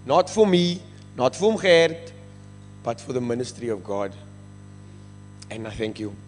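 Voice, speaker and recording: A man's voice: medium pitch, very animated, unhurried. A man with a South African English accent, giving an earnest, emotional testimony of thanks to a church and moving between English and Afrikaans. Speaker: rehab ministry member giving thanks. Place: large church hall. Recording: reverberant church hall with faint music.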